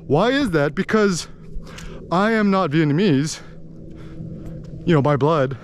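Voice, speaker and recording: An American man talking in a rambling, animated way as he vlogs outdoors in a village, with lots of fillers. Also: on the high side, slow, slight background noise. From United States. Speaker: vlogger. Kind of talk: casual walking vlog monologue.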